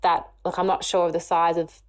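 A woman's voice: fairly low pitch, little pitch movement, brisk, smooth. A woman co-hosting a podcast, delivering an indignant, sarcastic rant. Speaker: podcast co-host.

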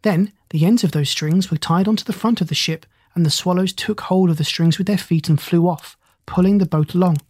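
An audiobook narrator reading a children's adventure story in a steady, measured way. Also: medium pitch, slightly rough, dry recording.

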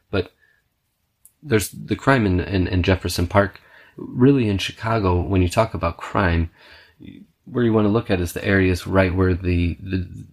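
A man hosting a podcast, telling stories in a rambling, profane monologue and punctuating his sentences with "okay.". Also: low-pitched. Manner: restless, self-described scatterbrained. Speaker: podcast host. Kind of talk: casual storytelling monologue.

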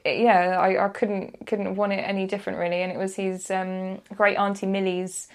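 A woman, a freelance motoring journalist, telling a personal story in a casual podcast chat, animated and quick to act out what people said. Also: mid-range voice. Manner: animated storyteller, acts out quotes, laughs often.

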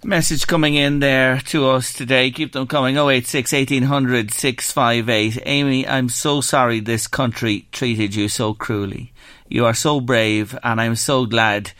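A man with an Irish accent hosting a radio phone-in, gently reading out listener messages and questioning his guest. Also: mid-range voice, fairly even intonation, unhurried, few pauses, no room sound, clean studio sound. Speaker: radio show host.

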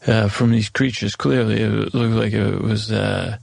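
A man's voice: lowish voice, steady tone, unhurried, creaky, a little mellow, slightly rough, dry recording, heavily acted. A man playing a fantasy adventurer in an improvised comedy podcast, who keeps drifting off the point and restarting sentences. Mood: rambling. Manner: digressive, loses the thread, many restarts. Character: rambling, easily sidetracked fantasy adventurer recounting a quest. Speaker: improv performer. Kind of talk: improvised comedic storytelling in character.

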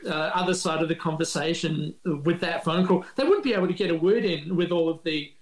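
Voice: mid-range voice, a little fast. Rambling, amused podcast voice in a roomy space. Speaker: podcast co-host. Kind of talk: casual chat.

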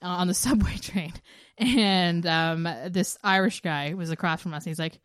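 A woman's voice: lowish voice, normal speed, no room sound. A woman in her thirties telling stories in casual chat as a podcast co-host, laughing often and acting out quotes. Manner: chatty storyteller, laughs often, acts out quotes.

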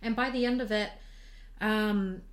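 A woman hosting a podcast, talking frankly in a relaxed, casual way with some swearing. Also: medium pitch, unhurried. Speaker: podcast host. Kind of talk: casual chat.

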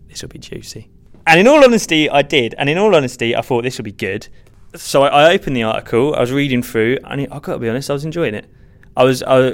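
Gravelly young comedian, rambling. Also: male voice, mid-range voice. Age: young adult. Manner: rambling, self-deprecating, frequent restarts. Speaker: stand-up comedian, podcast guest. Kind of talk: earnest conversational interview.

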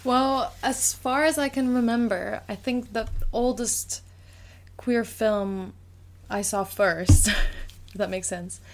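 Woman podcast co-host, relaxed and dry, keeps her replies brief. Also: a little high, slow. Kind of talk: casual chat.

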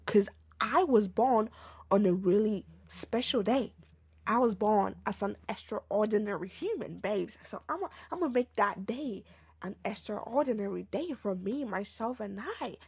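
A young woman hosting a casual solo podcast, chatting in an animated, slangy way and calling her listeners babes. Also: medium pitch, slightly rough, no echo. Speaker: podcast host.

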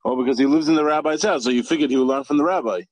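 A man, a student in a class held over a video call, asking his teacher quick, probing questions. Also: fairly high pitch.

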